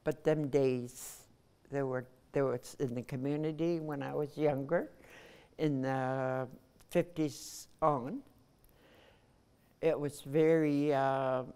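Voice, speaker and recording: Slow low-voiced older woman. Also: fairly even intonation, dark tone, clean tone. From Nunavut, Canada. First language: Inuktitut. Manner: measured, pausing between phrases. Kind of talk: personal recollection.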